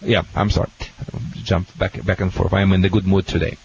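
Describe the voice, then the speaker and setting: A man with a Russian accent gives dog-training advice to callers on a call-in radio show, talking in a halting, jokey, excitable way. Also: sits low, gravelly. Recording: dull lo-fi radio audio with faint hiss.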